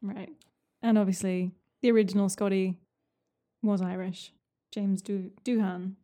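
A woman co-hosting a podcast, chiming in with quick, playful interjections in casual chat. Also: medium pitch, little pitch movement, mellow. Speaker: podcast co-host.

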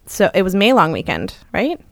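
A woman, co-hosting a podcast and telling a story in a lively chatty way. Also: normal speed, dry recording. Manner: animated, acts out quoted lines with jumps in pitch. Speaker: podcast co-host. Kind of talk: casual storytelling chat.

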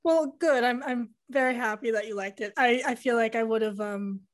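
A woman with a fairly high voice hosts a podcast, friendly and brisk as she lays out a film's details. Her voice is close to the mic and dry. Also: no room sound. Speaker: podcast host. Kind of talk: casual chat.

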